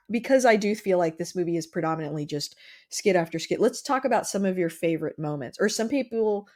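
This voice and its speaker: Lady podcast host rambling casual, lots of um and like, lower voice. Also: a little mellow. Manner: chatty, halting, lots of fillers and restarts. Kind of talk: casual chat.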